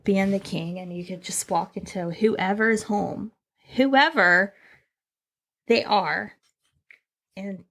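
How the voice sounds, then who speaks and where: Sitting indoors on a squeaky chair, a woman from Northern Kentucky co-hosts a podcast in a slow, gravelly, mid-range voice with fairly even intonation. She laughs often and wanders off on tangents in the casual conversation.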